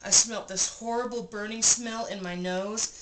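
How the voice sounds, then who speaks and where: A woman vlogger in a cabin room, telling a personal story in an animated, breathless way and repeating phrases for emphasis. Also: medium pitch, moderate pace. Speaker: vlogger recounting an experience. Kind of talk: casual storytelling. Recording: roomy room with clear background noise.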